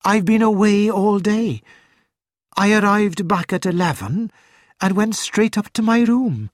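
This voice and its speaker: A man's voice: expressive, a little slow, dry recording, clean studio sound. A man reading aloud as a middle-aged female school matron, upset but keeping control, in a raised light voice. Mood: distressed. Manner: shaken but composed, high light voice.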